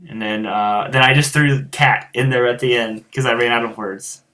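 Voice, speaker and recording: Bright-voiced American man, rambling. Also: medium pitch, steady tone, moderate pace, few pauses. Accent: rural American. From United States. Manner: rambling, many fillers and restarts. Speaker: guitar teacher and show host. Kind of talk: casual chat answering viewers.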